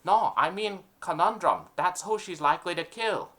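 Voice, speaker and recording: Brief: jittery gangster sidekick, slightly high, hesitant, done by a man. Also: expressive, normal speed, pushed and bright. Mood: nervous. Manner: hesitant, apologetic, eager. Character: nervous male mafia henchman, eager and dim.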